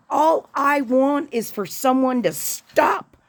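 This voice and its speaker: Gravelly, husky woman ranting urgently. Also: sits high, expressive, slow pace, hardly any pauses. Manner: profane, urgent, emphatic. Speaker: podcast host. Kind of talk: impassioned political rant.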